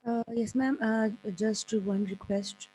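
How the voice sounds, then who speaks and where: A woman student asking her teacher a request in an online class, speaking softly and hesitantly. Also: fairly high pitch, steady tone, slow pace, a little hiss or hum, low-quality recording. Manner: soft, hesitant, many uh fillers.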